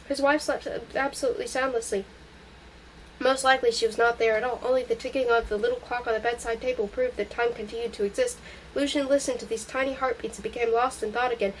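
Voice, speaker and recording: Fast-reading woman narrating a novel. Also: a little high, slight background noise, low-quality recording. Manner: fast, steady reading with small slips. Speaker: audiobook reader.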